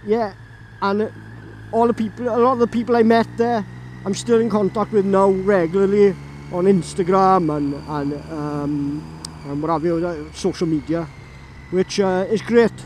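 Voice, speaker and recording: A motorcycle vlogger from Llanelli, Wales, laughs often as he tells a rambling story in a Welsh accent while riding outdoors. His high-pitched, a little mellow voice holds a steady tone and a slightly slow pace, though the audio is poor with slight background noise.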